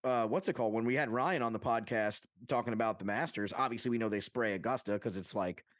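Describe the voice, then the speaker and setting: Speaking fast in a fairly low voice, this young Long Island, New York podcast co-host is animated and profane, cracking jokes in put-on accents. The studio recording is clean with no room sound.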